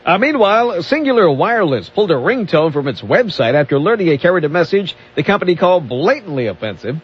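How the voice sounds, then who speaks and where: A man's voice: high voice, big pitch swings, quick pace, slightly rough. Dry wisecracking male news reader. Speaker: radio co-host and news reader. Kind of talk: reading news items on talk radio. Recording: dull lo-fi radio broadcast.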